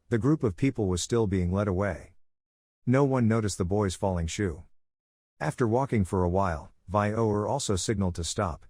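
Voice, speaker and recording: A man narrating a comic story recap in a steady storytelling manner. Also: lowish voice, dry recording, clean studio sound.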